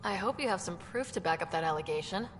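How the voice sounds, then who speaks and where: An actress voicing a calm, steady young woman who leads as pathfinder, with a measured, composed way of talking. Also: lowish voice, in a large hall, noisy background, natural voice.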